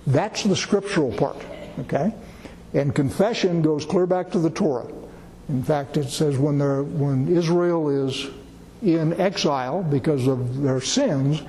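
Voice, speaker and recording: A plainspoken male Bible teacher preaching in a folksy, conversational way, his voice a little higher than most men's but mellow and dark in tone. The sound rings with long reverb in a big hall, with faint room ambience underneath. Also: measured pace, slight background noise. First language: English; not a Hebrew speaker. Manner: plainspoken, folksy, checks in with "okay?". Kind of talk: informal sermon.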